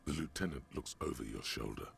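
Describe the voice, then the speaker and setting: An actor voicing the narrator of a detective video game, speaking in a deep, gravelly, measured way. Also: male voice, expressive, fairly bright tone, slight background noise, heavily acted. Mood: ominous. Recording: voice over game music.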